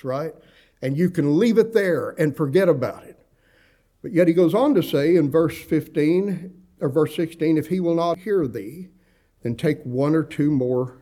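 A man's voice: fairly high pitch, warm tone. A middle-aged man preaching a sermon in a folksy, conversational way, with humorous asides. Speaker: pastor.

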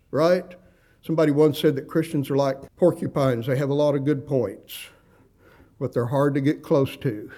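A man's voice: fairly high pitch, mellow. A middle-aged man preaching a sermon in a folksy, conversational way, with humorous asides. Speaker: pastor.

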